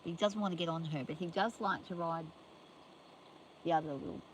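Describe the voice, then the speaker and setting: A woman's voice: on the low side, brisk, a little hiss or hum, poor audio. An older woman livestreaming from her farm in a chatty, rambling way, talking to viewers and scolding her animals playfully. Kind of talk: casual livestream chat. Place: outdoors on a farm.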